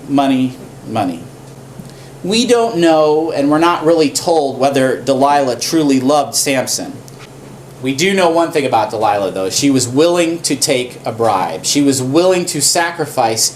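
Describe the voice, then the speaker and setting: A male pastor delivers a sermon, retelling a story with lively, repetitive emphasis. His voice sits a touch high for a man. A faint ambient hum runs beneath him in the church.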